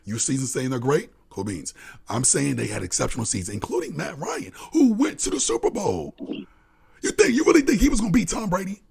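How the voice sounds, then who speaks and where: A gravelly, husky man with a fairly high voice that swings widely as he argues. He debates football in loose, casual talk, swearing freely and repeating his points. It sounds like a live podcast co-host pressing a friend. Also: huge pitch swings, fast, darkish tone. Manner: argumentative, swearing, laughing, repeats himself. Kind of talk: heated casual sports debate.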